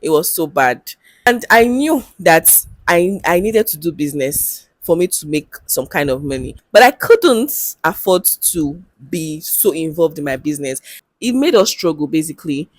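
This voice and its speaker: A woman's voice: low-pitched, very animated, normal speed, dry recording. A young woman with a Nigerian English accent, talking candidly to camera in a casual vlog, chatty and laughing easily. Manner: chatty and candid, with bursts of laughter and local slang. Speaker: vlogger.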